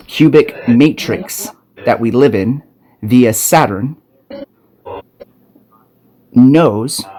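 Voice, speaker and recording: A man records an impassioned spiritual warning monologue on his smartphone, his voice sitting in a middle pitch. He talks with urgency and profanity, often restarting his sentences and repeating words as he presses his point. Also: darkish tone. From Arizona. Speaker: self-made video preacher.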